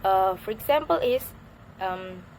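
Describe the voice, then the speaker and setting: A young woman, a university English student, giving a recorded class presentation in a halting way with many fillers and restarts. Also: mid-range voice, lively intonation, a little mellow, slight background noise, poor audio. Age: young adult.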